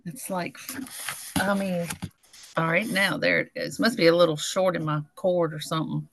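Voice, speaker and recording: A woman's voice: fairly low pitch, fairly even intonation, normal speed, a bit bright, a little hiss or hum. A woman co-hosting a casual podcast over a video call, blunt and profane, laughing often. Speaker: podcast co-host. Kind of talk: casual chat. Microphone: headphones on a video call.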